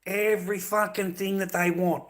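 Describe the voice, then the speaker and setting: A middle-aged Australian man rants straight to his audience, sarcastic and mocking, with heavy swearing. His voice sits a little high and has a sharp, bright edge. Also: flat delivery, moderate pace. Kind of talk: ranting monologue.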